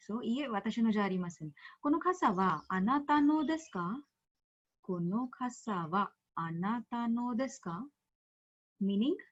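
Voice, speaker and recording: A woman's voice: mid-range voice, a little mellow. A woman teaching an online language class, explaining patiently step by step. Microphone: video call. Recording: dull lo-fi video call audio.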